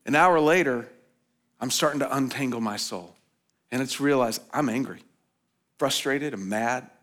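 A man preaching a sermon as pastor, telling a personal story in a conversational way, rising to emphatic points and dropping soft and low for reflection. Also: moderate pace. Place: church hall.

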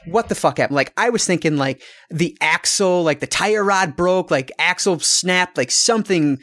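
Michigan guy, podcast co-host, fairly high voice, loose, rambling, swears freely. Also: a little slow, a bit bright. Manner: rambling, swears freely, many fillers and restarts. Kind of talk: casual chat, storytelling.

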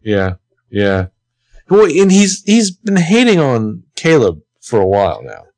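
A man with a mid-range voice that swings widely in pitch, swearing and joking as he recaps a TV show with a friend. He talks loosely and animatedly. The recording is close and dry. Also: a little slow, dry recording. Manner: animated, profane, jokey asides. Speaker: podcast co-host. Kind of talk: casual recap chat.

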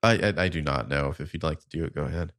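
A man co-hosting a podcast, recapping a show in a relaxed, filler-heavy way over a remote call. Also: very deep voice, rapid-fire, no room sound, clean studio sound. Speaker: podcast co-host. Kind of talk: casual chat. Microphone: remote call setup.

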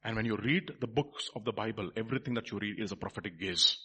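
Male preacher, husky and bright-toned, fervent sermon delivery with wide dynamic swings. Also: fairly low pitch, quick pace. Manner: swings from quiet musing to loud fervent preaching.

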